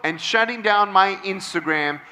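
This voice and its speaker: At a moderate pace, a man with a bright, pushed, high voice rallies a large outdoor crowd, emphatically repeating lines for them to echo. Some slight background noise is audible.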